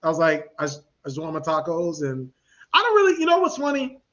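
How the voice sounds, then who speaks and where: A man co-hosting a podcast in casual chat, an animated storyteller who laughs often and uses slang. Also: on the high side, quick pace, a little hiss or hum. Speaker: podcast co-host. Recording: dull lo-fi podcast audio.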